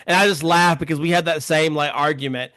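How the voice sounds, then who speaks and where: A man's voice: on the high side, steady tone, a little fast, pushed and bright, dry recording. A man hosting a casual film podcast, talking in a chatty, rambling way. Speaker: podcast host.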